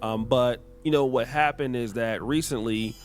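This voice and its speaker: A man's voice: medium pitch, normal speed, faint music behind. A man hosting a reaction show, narrating gossip news and reading comments aloud. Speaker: host.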